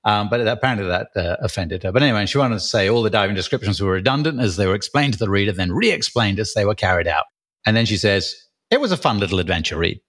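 A man's voice: on the low side, quick pace, a bit bright. An English man co-hosting a podcast, chatting wryly and teasing with frequent laughs. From England. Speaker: podcast co-host and author. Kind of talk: casual chat.

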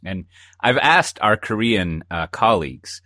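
Brief: deep-voiced male podcast co-host, bright tone, animated and digressive, dry close mic. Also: measured pace, no room sound. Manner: rambling, jokey storytelling with many asides. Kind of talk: casual chat. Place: lives in Texas.

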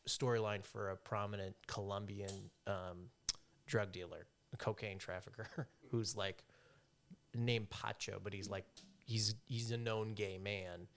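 A man with a fairly low voice, rambling through stories on a casual podcast. He jokes and laughs as he goes, loose and unhurried. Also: little pitch movement, fairly bright tone. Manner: joking, rambling storyteller. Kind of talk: casual chat.

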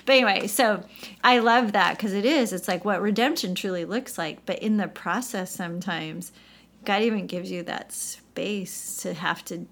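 A woman guest on a faith podcast, candidly telling her story with lively, acted-out quotes. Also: mid-range voice, normal speed. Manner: animated storytelling, acts out quoted voices.

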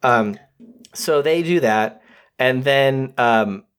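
Relaxed man recapping a movie plot. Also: mid-range voice, slow, clean tone. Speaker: podcast co-host. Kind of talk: casual chat.

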